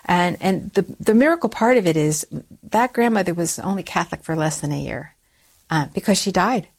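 A middle-aged woman telling a personal story in an interview, animated and often restarting her words, jumping higher when she quotes herself. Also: brisk. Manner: animated, rises high when quoting herself; frequent restarts and repeated words.

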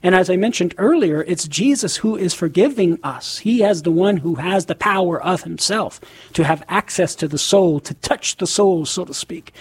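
A man appearing as a guest and explaining religious doctrine in a measured, articulate way. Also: sits high, slightly rough. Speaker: guest apologist.

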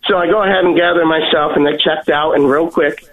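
A man's voice: a little high, steady tone, brisk. A man telling a personal story in an earnest way, often stumbling and repeating his words. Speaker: guest sharing a testimony. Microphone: phone. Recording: tinny phone line.

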